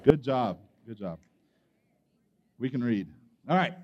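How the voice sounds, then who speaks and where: A man preaching at a youth camp, telling a personal story with big acted-out moments and shouts. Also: medium pitch, slow, big-room sound, highs cut off, slight background noise. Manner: animated storytelling, acting out his younger self with shouts. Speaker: camp speaker.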